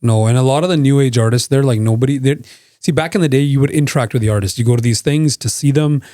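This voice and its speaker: Canadian dude cohosting, warm dark voice, chatty and loose, dry close mic. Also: male voice, medium pitch, quick pace, dry recording. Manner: chatty, explains with comparisons, fillers like "like" and "you know". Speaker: podcast co-host. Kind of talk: casual chat.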